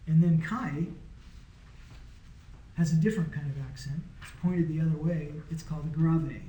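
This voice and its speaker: A man with a voice on the high side and a dark tone speaks at normal speed, teaching a small Greek class in an echoey room. The informal lesson is casual and patient, and he often checks that his students are following.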